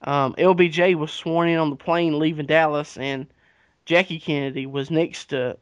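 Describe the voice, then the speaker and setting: A man's voice: a little high, fairly even intonation, moderate pace, no room sound. A man, casually retelling history on a podcast with profanity and acted-out dialogue. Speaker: podcast co-host. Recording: dull lo-fi recording.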